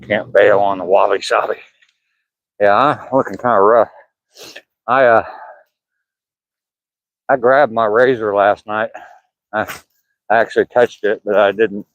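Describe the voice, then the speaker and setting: An older Southern man from Georgia walks outdoors by pine woods, holding his phone camera as he livestreams, rambling, chuckling and reading viewers' chat aloud in an easygoing way. His voice sits fairly low and steady, a little slow with many pauses. The recording is muffled, with no room sound.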